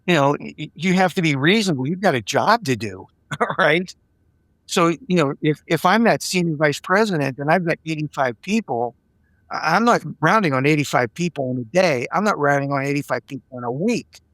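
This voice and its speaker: An older man, an executive coach, tells stories from work in a lively, chatty way, slipping into the voices of the people in them and doubling up on his words. His voice sits a bit high for a man. It is recorded close and dry, with no room sound. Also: brisk, no room sound. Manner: animated storyteller who acts out dialogue and repeats words. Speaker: executive coach and podcast guest. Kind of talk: conversational interview storytelling.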